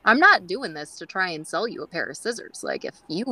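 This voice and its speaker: A woman's voice: on the low side, big pitch swings, brisk, crowd noise, poor audio. A woman guest on a groomers' podcast, telling stories in a chatty way with many fillers and acting out quoted dialogue. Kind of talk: casual storytelling interview.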